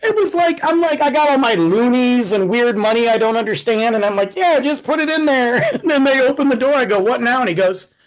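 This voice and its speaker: High, lively man telling tales. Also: brisk, hardly any pauses, rough recording. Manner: animated, acts out quotes with shifting voice. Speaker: podcast co-host. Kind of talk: casual storytelling chat.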